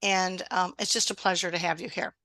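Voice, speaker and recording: Bright, upbeat woman hosting a webinar. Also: lowish voice, fairly even intonation, brisk, no echo. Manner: warm, encouraging, conversational. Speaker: webinar host and exam prep instructor. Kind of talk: live online webinar. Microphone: video call.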